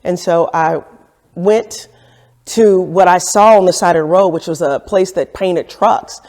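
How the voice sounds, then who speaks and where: In an echoey room with lingering reverb, a woman who runs her own business looks back on her early days for a frank documentary, performing the lines she quotes. She speaks unhurriedly in a lowish, slightly mellow voice.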